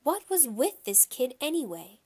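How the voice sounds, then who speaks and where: A woman narrating a children's audiobook in a lively first-person storytelling voice. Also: high voice, a little slow, husky.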